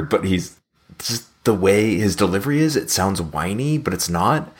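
Very deep-voiced wry male panelist. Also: normal speed. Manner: wry, rambling complaints. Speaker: podcast panelist. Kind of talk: casual comedic chat.

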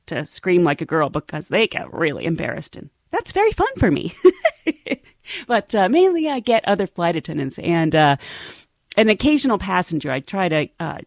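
A woman's voice: fairly low pitch, gravelly, no echo. A woman flight attendant casually telling a playful work anecdote, laughing often as she goes.

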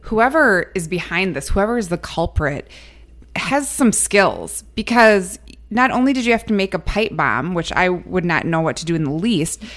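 A woman co-hosts a casual true-crime chat, chiming in with agreement and filling in details. Her pitch is lively and moves up and down freely as she talks. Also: moderate pace. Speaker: podcast co-host.

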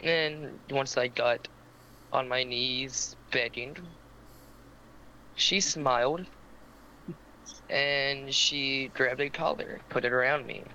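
Gravelly, bright-voiced man rambling a story. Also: mid-range voice, steady tone, slow pace, long pauses, lo-fi sound, a little hiss or hum. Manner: rambling, filler-heavy storytelling; stammers when teased. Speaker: podcast co-host. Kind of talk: casual storytelling chat.

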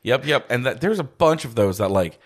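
Thirties male co-host, animated and chatty, loose filler-heavy delivery. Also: medium pitch, brisk. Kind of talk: casual chat.

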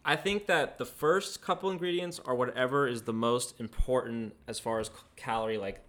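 Male co-host, mid-pitched, teasing questions, relaxed casual talk. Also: normal speed. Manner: teasing, questioning, filler-heavy. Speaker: podcast co-host. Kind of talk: casual banter.

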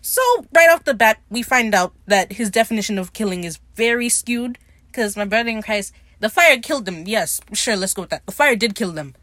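A woman's voice: mid-range voice, animated, a little fast, a bit bright, no room sound. A woman hosting a casual podcast, recapping a TV episode in a chatty, profane way with frequent laughs. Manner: chatty, swears freely, laughs often.

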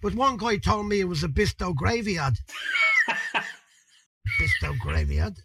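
A man in his fifties with a Dublin accent, telling a story as an interview guest in a colloquial, animated way, with plenty of swearing. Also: sits high, normal speed, raised voice, very noisy. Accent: Irish, Dublin. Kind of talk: anecdotal storytelling.

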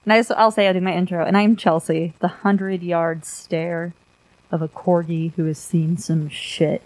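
A woman's voice: fairly low pitch, little pitch movement, darkish tone, no echo, low-quality recording. Woman co-host, snarky crude jokes, casual chat, dry close mic. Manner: crude, sarcastic, quick quips. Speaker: podcast co-host. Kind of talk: casual conspiracy podcast chat.

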